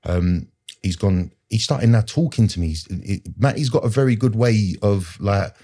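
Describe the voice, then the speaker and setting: Appearing as a podcast guest, a man shares his own story in conversation at normal speed. His low, mellow voice carries an earnest, rambling style packed with street slang, and he keeps repeating "like" and "do you know".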